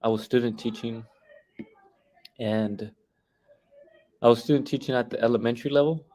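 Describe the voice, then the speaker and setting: A young man in his twenties talking casually as a guest teacher, halting with many restarts and fillers. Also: medium pitch, steady tone, dark tone, low-quality recording. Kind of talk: casual interview talk.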